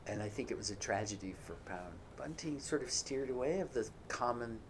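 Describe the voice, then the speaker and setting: A man's voice: mid-range voice, lively intonation, a little fast, a little hiss or hum. A man speaking as a panelist in a live discussion, reflective and hesitant in his phrasing.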